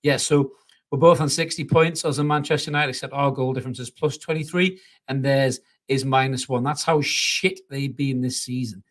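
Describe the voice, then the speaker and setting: A man's voice: medium pitch, normal speed. A man hosting a live football reaction show, talking bluntly and passionately, swearing freely and reading out viewer comments. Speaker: football fan channel host.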